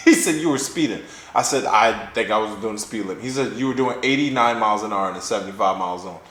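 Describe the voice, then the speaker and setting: A young man hosting a podcast, telling a story in a profane, animated way and acting out the quotes. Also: fairly low pitch, fast. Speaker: podcast host. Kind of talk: casual storytelling chat. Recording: echoey room.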